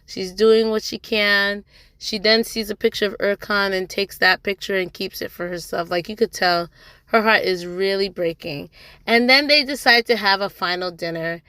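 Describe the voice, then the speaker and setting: A young woman talks through a TV drama episode in a relaxed, chatty recap. Her voice is bright and forward, and the sound is dry and close. She throws in sassy asides to the characters. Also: mid-range voice, unhurried, clear, resonant tone, no echo. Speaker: TV drama reviewer.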